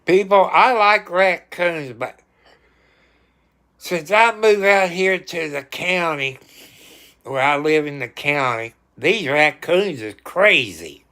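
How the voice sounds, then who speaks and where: A man with a drawl chats at an unhurried, easygoing pace. His voice is bright and forward, with a fairly high pitch for a man, and he now and then stops to talk to his pets. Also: expressive. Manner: talks to his cats, sometimes scolding loudly. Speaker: livestreamer. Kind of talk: casual chat.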